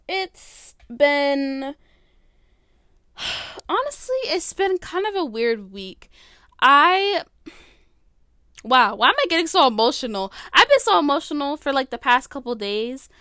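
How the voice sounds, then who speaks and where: High-pitched teen girl rambling on her podcast. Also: fairly bright tone, clean tone, no echo, clean studio sound. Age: late teens. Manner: rambling, filler-heavy, self-interrupting. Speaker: podcast host. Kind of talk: casual solo podcast chat. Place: bedroom at home. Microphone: phone.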